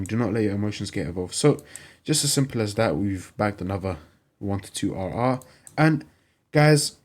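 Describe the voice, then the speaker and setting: A young man with a fairly low voice talks through a screen-recorded lesson, going over the same steps again and again in a plain, instructive way. He speaks into a desk mic at his computer. Keys tap now and then in the background. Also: darkish tone. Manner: repetitive, plainly instructive, upbeat pitch. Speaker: trading channel host. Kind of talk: screen-recorded tutorial walkthrough.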